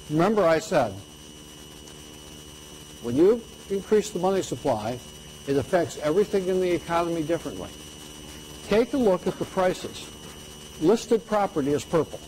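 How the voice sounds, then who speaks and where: A man's voice: fairly high pitch, a little mellow, a little hiss or hum, low-quality recording. An older man giving an economics lecture to an audience, conversational and checking in with "okay?" after his points.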